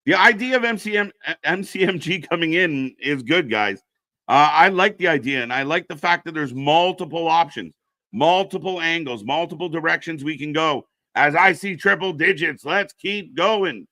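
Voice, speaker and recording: Bright-voiced man commentating wrestling live. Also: a little high, dry recording, clean studio sound. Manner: chatty, reads chat names aloud, reacts to the match. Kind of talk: casual live alternative commentary.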